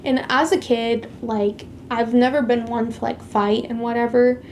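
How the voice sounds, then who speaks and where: A vlogger shares her faith testimony in a higher, steady, slightly mellow voice at a measured pace, with a little hiss or hum in the background. She's chatty and leans hard on "like," emphatically retelling a past conflict and stressing the big moments.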